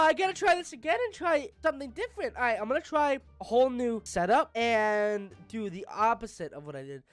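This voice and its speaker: A woman's voice: on the high side, no room sound. A woman playing a text game, reading its lines aloud and adding playful, giggly asides. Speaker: gamer.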